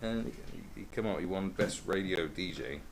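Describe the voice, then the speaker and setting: Deep gravelly man, rambling. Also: normal speed, slight background noise, rough recording. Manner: rambling, sweary storytelling. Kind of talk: casual monologue.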